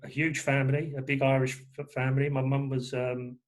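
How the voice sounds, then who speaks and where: A man's voice: medium pitch, level tone, a little fast. A man from England, talking as a guest in a rambling way with many fillers and restarts. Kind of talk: casual conversation.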